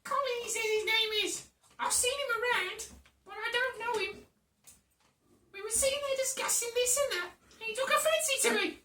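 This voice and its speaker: A woman putting on a shrill Cockney street girl. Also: normal speed, background noise. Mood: chatty. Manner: shrill, theatrical, laughing through lines. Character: young brash female street girl. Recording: echoey room, mic at a distance.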